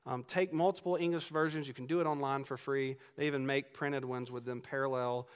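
A man's voice: mid-range voice, fairly even intonation, fairly quick, smooth. A man preaching a sermon from Georgia with a faint Southern accent, earnest and emphatic, building on repeated lines and turning to the congregation with asides. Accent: Southern US, faded. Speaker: pastor. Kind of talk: expository sermon.

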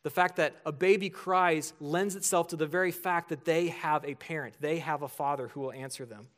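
A man in his thirties preaching a sermon as pastor, earnest and building to emphatic points. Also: on the high side.

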